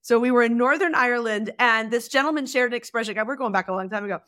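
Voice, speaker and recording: A woman with a slightly high voice talks as a guest coach in a relaxed interview. She tells stories with lively energy and laughs often. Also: fast. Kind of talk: casual interview chat.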